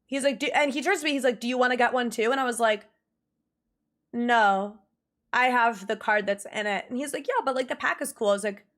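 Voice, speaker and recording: Chatty young woman streamer, animated. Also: a little high, a little fast. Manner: animated, exasperated ranting with laughs. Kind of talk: casual livestream chat.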